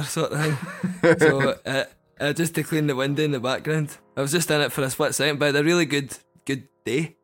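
A man's voice: a little high, steady tone, a little fast, fairly bright tone, soft background music. Scottish man telling a funny story. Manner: laughing storyteller. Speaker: guest. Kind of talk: casual anecdote.

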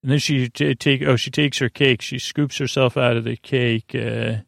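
A man hosting a sleep podcast, giving a meandering, low-key, halting recap of a TV episode. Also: steady tone, creaky, dry recording, clean studio sound. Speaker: podcast host. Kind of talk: rambling bedtime episode recap.

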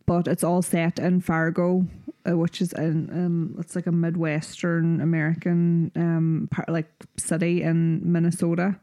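A woman's voice: on the low side, little pitch movement, unhurried, hardly any pauses, dark tone, no room sound, studio quality. A young woman from Donegal with an Irish accent, chatting casually as a podcast co-host, rambling with plenty of fillers. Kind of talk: casual chat.

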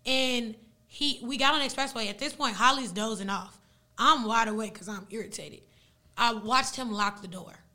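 A young woman whose first language is Arabic, casually retelling a story in an animated, slangy way as a podcast guest. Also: fairly high pitch, moderate pace.

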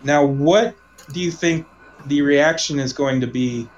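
Man, casual storytelling, rambling, restarts sentences, trails off softly. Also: on the high side, measured pace, dull audio. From Omaha.

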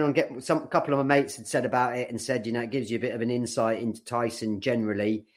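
A man's voice: mid-range voice, fairly even intonation, quick pace, few pauses. A young man co-hosting a podcast, chatting loosely with lots of swearing and restarts. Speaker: podcast co-host. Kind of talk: casual chat.

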